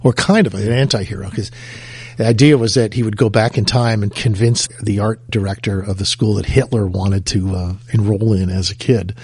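Man, low and husky, relaxed show host who chats and introduces segments. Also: normal speed, no room sound. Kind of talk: casual co-hosted show talk.

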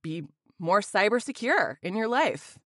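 A woman's voice: mid-range voice, very animated, measured pace, a bit bright, dry recording. A woman voice actor chatting in an interview, bubbly and full of fillers, recorded at home on a studio condenser mic. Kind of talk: casual interview chat.

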